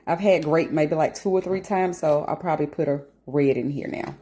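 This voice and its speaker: A woman vlogger at home talking casually to the camera, animated and emphatic, slipping into rants and laughter. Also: sits low, normal speed, a little hiss or hum.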